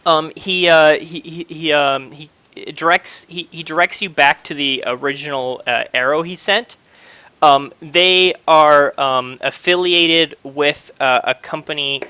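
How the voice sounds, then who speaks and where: Halting, bright-voiced young man running the game. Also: fairly high pitch, smooth, no room sound. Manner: hesitant, many fillers and restarts. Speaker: game master. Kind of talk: narrating a tabletop game.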